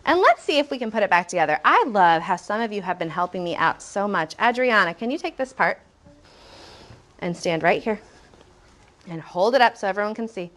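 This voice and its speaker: Reading lines slowly and with a steady rhythm, an encouraging, animated woman teaches language to first graders. Her voice sits at a medium pitch.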